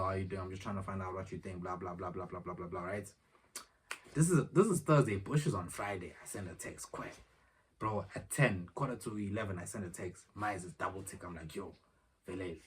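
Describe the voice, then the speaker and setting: A young man telling a rambling, slangy story in a casual vlog, acting out the back-and-forth of conversations, filmed at home on his phone. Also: deep voice. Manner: rambling, slangy, retells exchanges in dialogue. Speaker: vlogger. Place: room at home. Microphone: phone camera. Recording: distant phone mic, faint noise.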